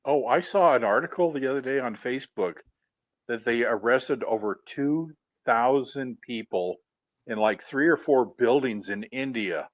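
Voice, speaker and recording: A man's voice: medium pitch, unhurried, poor audio. A man co-hosting a casual livestream, chatting and telling stories. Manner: storytelling, chatty. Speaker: livestream co-host.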